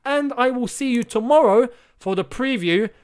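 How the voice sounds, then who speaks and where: A young man with a fairly high voice hosts his football channel in a casual solo chat. He talks animatedly, stacks up repeated phrases for emphasis and speaks straight to his viewers. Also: normal speed, clear, resonant tone. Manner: animated, emphatic repetition, addresses viewers directly.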